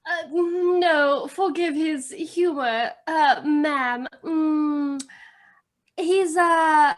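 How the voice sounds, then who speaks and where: A woman playing a tabletop game in character, with a halting, mock-polite put-on British voice. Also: high voice. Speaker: player. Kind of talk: in-character tabletop role-play.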